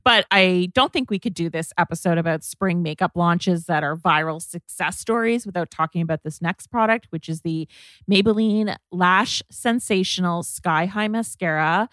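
A woman's voice: lowish voice, normal speed, fairly bright tone, no room sound, clean studio sound. A woman hosting a beauty podcast, talking in a chatty way with plenty of filler words. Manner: chatty, filler-heavy product talk. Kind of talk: casual podcast chat.

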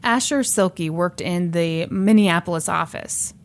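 A woman's voice: on the low side, unhurried. A woman hosting a podcast, casually telling a true crime story, laughing often and swearing now and then.

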